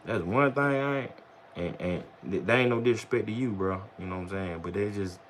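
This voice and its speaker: A man with a lowish voice talks loosely to his livestream viewers. He rambles in relaxed slang and drops "bro" and "you know what I'm saying" all the time. Faint ambient noise sits behind him. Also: a little fast. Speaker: vlogger on a livestream. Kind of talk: casual livestream chat.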